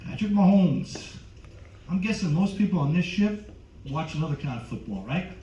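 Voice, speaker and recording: A male comedian doing a stand-up set on a cruise ship stage, teasing the crowd loudly, with sudden jumps in pitch. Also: animated, moderate pace. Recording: echoey, distant, dull with crowd noise. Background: audience noise.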